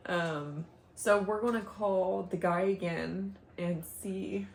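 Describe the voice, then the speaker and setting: A woman's voice: medium pitch, steady tone, takes it slowly, creaky, roomy sound, a little hiss or hum. A young woman, a stay-at-home mom, chatting casually at home in a rambling way, often laughing and sighing. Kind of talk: casual chat to camera. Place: home, indoors.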